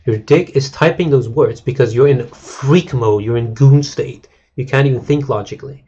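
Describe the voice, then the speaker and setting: Husky-voiced man ranting to chat. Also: mid-range voice, normal speed, warm tone, highs cut off. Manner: crude, rambling, mocking. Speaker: game streamer. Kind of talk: casual rant to stream chat.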